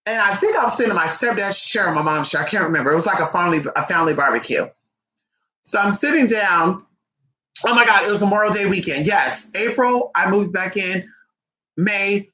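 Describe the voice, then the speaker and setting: Young adult woman, casual storyteller, profane and animated, bright tone, roomy echo. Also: mid-range voice. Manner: animated, profane, acts out quotes in shifting voices. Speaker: vlogger. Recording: echoey room.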